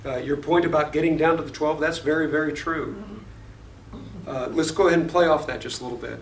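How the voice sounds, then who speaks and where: A man's voice: on the high side, fairly quick, slight background noise. A man teaching a Bible study class, reading verses aloud, explaining them and putting questions to the class. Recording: echoey room, voice far from the mic.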